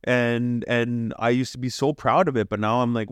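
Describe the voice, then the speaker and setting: A young Canadian man co-hosting a podcast, talking with passion and preaching hard, swearing freely and jumping to high emphatic peaks. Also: fast talker, no room sound, clean studio sound. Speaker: podcast co-host. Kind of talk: casual podcast chat.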